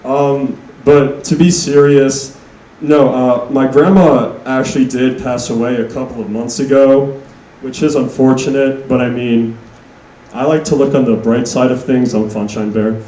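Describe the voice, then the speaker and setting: Slow-talking young man doing stand-up in an echoey room. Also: mid-range voice. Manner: deadpan, self-mocking, builds to loud punchlines. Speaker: stand-up comedian. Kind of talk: stand-up set. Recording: echoey room, mic heard from a distance.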